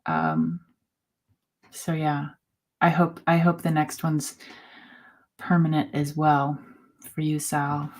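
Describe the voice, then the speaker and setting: A woman in her forties hosting a casual live chat, talking in a halting way with many fillers and soft laughs. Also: deep voice. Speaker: host.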